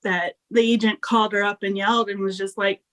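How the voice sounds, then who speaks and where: A woman's voice: medium pitch, little pitch movement, a bit bright. A woman taking part in a live coaching session, chatting casually and laughing easily. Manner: quick to laugh, short friendly replies. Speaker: session participant. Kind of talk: casual conversation.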